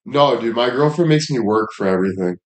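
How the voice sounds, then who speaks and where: A man's voice: mid-range voice, lively intonation, brisk, reverberant. A young man livestreaming, chatting casually in a rambling, profane, laid-back way.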